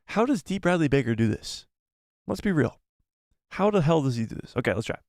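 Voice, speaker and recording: Hosting a casual live stream, a man reads out viewer messages in a jokey, self-deprecating, rambling way. His voice is a little high, a little mellow and very animated, and he talks briskly into a close desk microphone with no echo.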